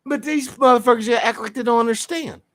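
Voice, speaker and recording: A man ranting in raw, profane reaction commentary, his voice high and bright with big swings in pitch. The sound is close and dry, with no room around it. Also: quick pace, dry recording. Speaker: show host.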